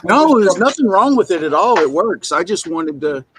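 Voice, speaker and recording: A man with a fairly high voice talks in a relaxed, chatty way. He sounds like one of several friends on a live stream. A steady background noise runs behind him. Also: normal speed, low-quality recording. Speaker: stream participant. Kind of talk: casual chat on a live stream.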